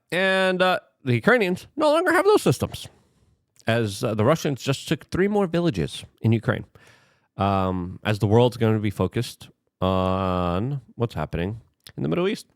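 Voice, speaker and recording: A male commentator delivers political talk in a heated, sarcastic way, often addressing the viewer directly. His pitch rises and falls in lively swings. The sound is dry and close, with no room behind it. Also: no echo.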